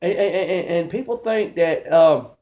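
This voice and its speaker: A man's voice: high-pitched, unhurried, mellow. A man doing a rambling, conversational stand-up comedy monologue, storytelling with many restarts.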